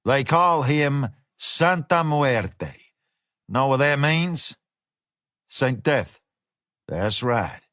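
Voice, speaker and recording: A man voicing a smooth, menacing male American fixer who talks with easygoing slang. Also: medium pitch, animated, very slow, pauses often, fairly bright tone, dry recording, studio quality. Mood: drawling menace.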